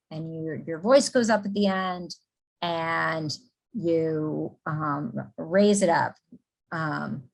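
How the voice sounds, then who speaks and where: A middle-aged woman, a psychology professor, leads a conversational workshop lecture. She explains patiently, often pausing with ums and starting sentences over. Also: fairly low pitch, husky, poor audio.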